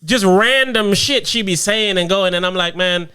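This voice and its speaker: A man's voice: high voice, normal speed, clear, resonant tone. A man co-hosting a casual podcast chat, telling profane stories with lots of acted-out voices. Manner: animated storyteller acting out voices, profane. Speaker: podcast co-host.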